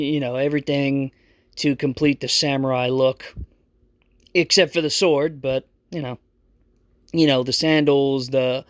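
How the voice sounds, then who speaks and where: A man's voice: medium pitch, smooth, dry recording, studio quality. A man narrating a tabletop game as game master, in a casual, rambling way with many fillers.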